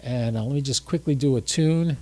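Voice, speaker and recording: A man's voice: medium pitch, fairly quick, warm tone. A drowsy, tired man hosting a casual livestream, chatting and thinking aloud as he works his ham radio gear. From United States.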